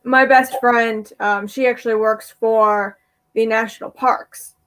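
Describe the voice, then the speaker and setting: A young adult woman co-hosting a podcast, telling stories in a lively casual chat and laughing often. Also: fairly high pitch, unhurried, rough recording. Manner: animated storyteller, laughs often. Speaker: podcast co-host.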